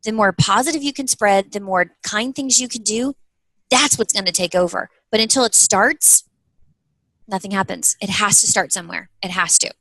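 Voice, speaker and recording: In an interview, a woman in her thirties who owns an apparel business talks earnestly about her work, telling stories animatedly and slipping into quoted voices. Her voice is mid-range, bright and forceful at a moderate pace. The low-quality recording is close and dry, with no echo.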